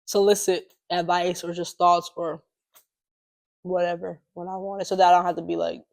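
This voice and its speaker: A woman's voice: on the low side, normal speed, gravelly. A young woman co-hosting a podcast, telling a personal story in a loose, chatty way, with lots of fillers and frequent laughter. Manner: chatty, animated, laughs often, many fillers. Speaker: podcast co-host. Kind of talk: casual storytelling chat.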